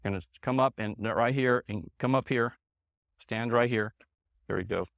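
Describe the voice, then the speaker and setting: A man's voice: mid-range voice, moderate pace, gravelly, a bit bright, no room sound. Emphatic man leading a sales seminar. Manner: emphatic, punchy, repeats key points. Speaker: sales trainer. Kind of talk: live training seminar. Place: meeting room with an audience. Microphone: handheld microphone.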